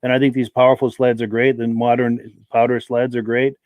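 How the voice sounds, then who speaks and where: A podcast host runs a live-stream, chatting in a friendly, welcoming way and reading viewers' names aloud to greet them. His mid-range voice has a level tone and a darkish color, and he speaks a little fast. There's no room sound.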